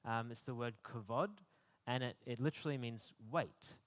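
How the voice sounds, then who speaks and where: A man's voice: mid-range voice, moderate pace. A man giving a conversational sermon, often repeating words as he builds emphasis. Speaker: preacher.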